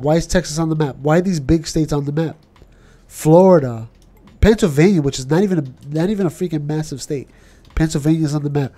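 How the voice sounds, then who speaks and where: A man with a New York accent, co-hosting a podcast in casual chat and ranting with animated questions. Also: on the high side. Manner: animated, ranting, keeps asking "you know what I'm saying". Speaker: podcast co-host.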